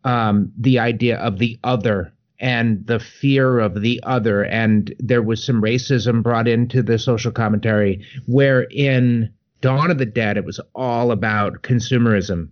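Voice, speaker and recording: A man's voice: mid-range voice, fairly even intonation, measured pace. A man in a casual podcast chat, explaining his ideas earnestly. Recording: dull lo-fi sound.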